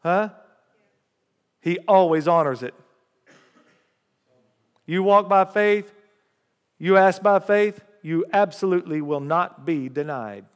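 A man preaching a sermon, reading scripture aloud with rising emphasis and lively call-and-response asides to the congregation. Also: high voice, slow, long pauses, smooth. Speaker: pastor. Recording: long hall reverb.

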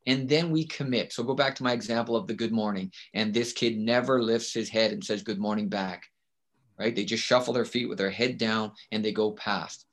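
As a podcast guest discussing teaching, a man speaks emphatically in relaxed interview talk, often checking in with a rhetorical "right?". His voice is fairly low, with a steady tone and a moderate pace.

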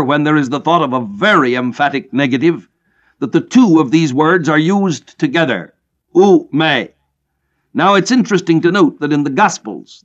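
A man teaching scripture in a measured, emphatic way, slowing down to stress key phrases. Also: on the high side. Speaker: preacher. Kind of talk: expository Bible teaching. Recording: dull lo-fi recording.

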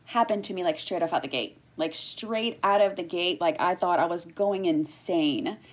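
A woman's voice: lowish voice, normal speed, husky. A woman in her thirties, a guest on a casual podcast, telling her story with lots of laughter and acted-out quotes. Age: 30s. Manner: animated storyteller, laughs often, acts out quotes. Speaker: guest, cancer survivor.

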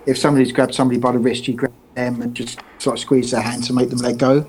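A man chatting casually as a player at the table, with lots of fillers. His voice sits at a middling pitch. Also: flat delivery, fast talker, a little mellow, faint music behind.

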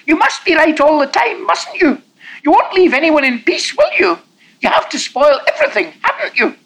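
A man's voice: very high-pitched, big pitch swings, moderate pace, fairly bright tone, voice pushed up, heavily acted. A man voicing a petulant young boy who whines and insists on getting his way. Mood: whining. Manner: whiny, insistent.

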